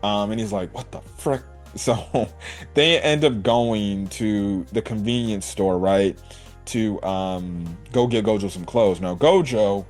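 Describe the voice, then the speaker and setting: Man, casual anime reviewer, low voice, meandering filler-heavy delivery, faint music behind. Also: takes it slowly, a little mellow. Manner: rambling recap with many fillers and acted-out quotes. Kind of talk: casual spoken episode review.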